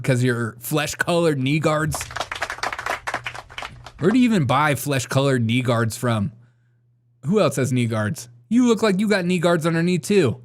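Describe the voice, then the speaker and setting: A man hosting a comedy news show, commenting sarcastically on a video and laughing often. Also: a little high.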